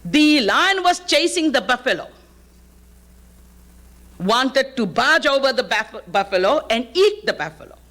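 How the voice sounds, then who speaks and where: A woman's voice: sits high, bright, forceful tone. A woman from Fiji giving a live devotional sermon, telling stories and reciting Sanskrit verses. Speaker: spiritual preacher. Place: live talk to an audience.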